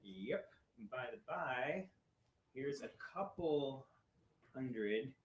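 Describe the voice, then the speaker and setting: A man playing an insistent divorced father who is quick to anger, in acted drama dialogue. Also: mid-range voice, lively intonation, highs cut off. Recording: roomy with faint noise.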